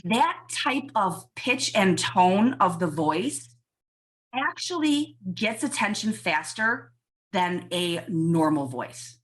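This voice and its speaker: A woman's voice: mid-range voice, sing-song, slow. A woman pediatrician giving emphatic parenting advice in a casual podcast interview. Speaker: pediatrician guest.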